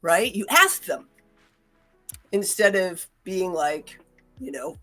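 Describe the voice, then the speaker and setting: A woman's voice: lowish voice, expressive, slow, a bit bright, soft background music. A woman hosting a casual talk, chatty and upbeat, laughing often and restarting her sentences. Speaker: host.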